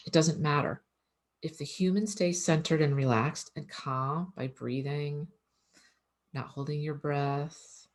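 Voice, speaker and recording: A woman with a low-pitched voice talks through casual advice as an animal communicator. She speaks earnestly and conversationally, often circling back to repeat her point. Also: fairly even intonation, measured pace.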